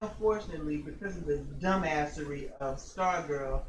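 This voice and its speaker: Wry co-host with a mid-pitched voice. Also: moderate pace, low-quality recording. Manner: wry, teasing, laughs at own jokes. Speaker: podcast co-host reviewing a TV series. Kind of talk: casual review chat.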